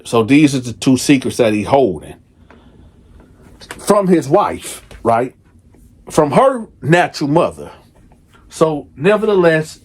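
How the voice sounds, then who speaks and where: A man's voice: medium pitch, a little mellow. A man casually telling a story, loose and rambling, with lots of fillers.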